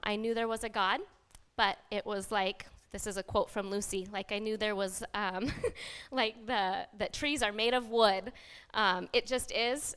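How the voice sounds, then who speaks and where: A woman's voice: a little high, pushed and bright, clear, resonant tone, long reverb tail. A woman in her thirties from Washington State giving a nervous church testimony, a little shaky, with many ums. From Washington State, USA. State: slightly shaky voice. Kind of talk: personal testimony, partly read aloud. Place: church sanctuary, up front.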